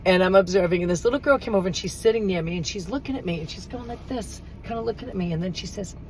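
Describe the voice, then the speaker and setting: A woman's voice: medium pitch, very fast, a little mellow, a little hiss or hum, poor audio. A middle-aged woman co-hosting a casual chat in a car, telling funny stories and laughing often. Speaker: podcast co-host.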